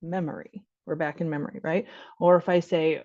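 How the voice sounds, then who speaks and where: A woman's voice: low voice, fairly even intonation, a little fast, a little mellow, no room sound, lo-fi sound. A woman physician giving an online training workshop for caregivers, talking conversationally and acting out short exchanges, often laughing. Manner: conversational, acts out child and parent voices, laughs often.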